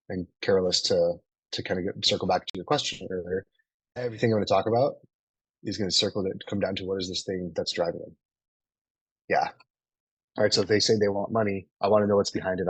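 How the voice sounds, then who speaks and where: Fast-talking husky male sales coach. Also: fairly low pitch, dry recording, poor audio. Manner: casual, profane, lots of "right?". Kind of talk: live online training session.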